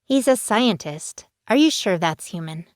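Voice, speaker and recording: A woman voicing a bubbly, mischievous teenage werepanda girl in a storybook, whining and wheedling in a much higher, drawn-out voice. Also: lively intonation, no room sound, clean studio sound, natural voice. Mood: pleading, teasing. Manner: whiny, wheedling and pleading.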